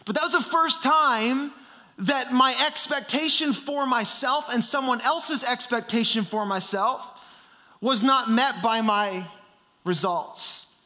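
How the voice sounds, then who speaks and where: Guy in his 30s preaching, high bright voice, earnest, keeps repeating lines for punch. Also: slow. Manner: earnest, building emphasis with repeated phrases. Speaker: pastor. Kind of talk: sermon.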